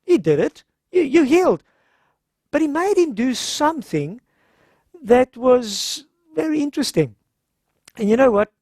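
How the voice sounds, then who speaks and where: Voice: high-pitched, very animated, a little slow, a little mellow, dry recording, clean studio sound. A speaker gives a conversational Bible-story sermon at a health seminar, retelling scripture informally and acting out the characters' lines.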